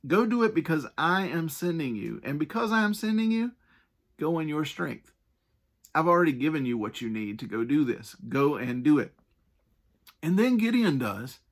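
A man preaching a sermon in a conversational, earnest way, stressing his points and adding casual asides. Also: fairly high pitch.

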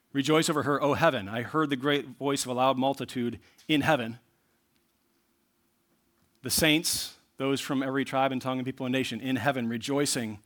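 Guy preaching, earnest sermon voice, medium pitch, swings low then loud. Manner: earnest preaching, rising to loud bursts when reading scripture. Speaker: pastor.

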